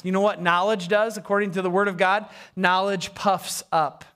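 A man preaching a sermon as pastor, conversational and animated, acting out sarcastic voices. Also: high voice, a little slow.

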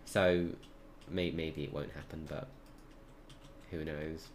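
A young man from England chats easily, with a deep voice and plenty of fillers. He laughs often as he talks. A faint background hiss sits under him. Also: little pitch movement, takes it slowly. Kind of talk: casual chat.

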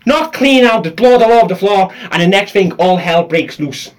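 A man with a very high voice hosts a comedy podcast. He spins funny anecdotes with animated energy and laughs along with his own tale. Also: normal speed. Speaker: podcast host. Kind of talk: comic storytelling chat.

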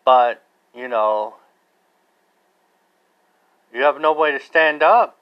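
An American man talks alone into his podcast mic in an unhurried, meandering way. He circles back on himself, restarting sentences and dropping in fillers. The recording is a little dull and lo-fi, and his pitch sits in the middle. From United States. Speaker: podcast host. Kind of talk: casual solo monologue.

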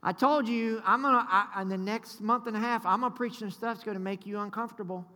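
A man preaching a sermon, fervent and leaning on call-and-response with his congregation. His voice sits high and bright, and it rings with long reverb through a large church. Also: fast. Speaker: pastor. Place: church sanctuary.

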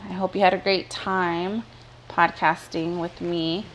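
A woman's voice: fairly low pitch, flat delivery, measured pace, a little hiss or hum, low-quality recording. A woman hosts a casual podcast chat, cursing freely and emphatically. She laughs often as she talks. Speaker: podcast host.

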